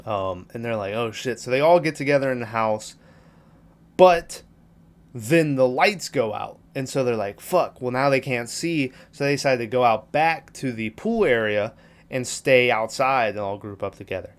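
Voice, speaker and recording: A man's voice: medium pitch, expressive, moderate pace. A man casually recapping a film on a podcast, rambling and swearing as he acts out characters' lines. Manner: profane, rambling retelling with quoted lines. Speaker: podcast host.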